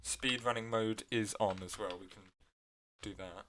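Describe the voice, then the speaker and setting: A man's voice: fairly low pitch, fairly even intonation, a little slow, bright, forceful tone, a little hiss or hum. A man giving casual gameplay commentary, rambling with many fillers and self-corrections, his voice cracking now and then. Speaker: gameplay video creator.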